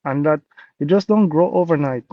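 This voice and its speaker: A man's voice: fairly high pitch, moderate pace, dry recording. A man from Jamaica with a Jamaican accent, a guest sharing his business story in an earnest, repetitive, motivational way on a video call. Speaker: interview guest, business owner. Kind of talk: casual testimonial talk. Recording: dull dry call audio.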